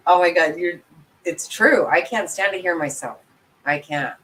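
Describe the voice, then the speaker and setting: A woman's voice: on the low side, fairly bright tone, rough recording. Giggly chatty woman with a drawl. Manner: chatty, giggly, self-deprecating. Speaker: commentary channel host. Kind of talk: casual livestream chat with viewers.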